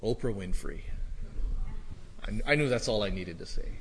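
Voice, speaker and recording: A male pastor preaching a sermon, moving from quiet reflection to loud, animated storytelling. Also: lowish voice, normal speed, slight background noise. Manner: builds from quiet musing to loud excited storytelling. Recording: echoey hall reverb.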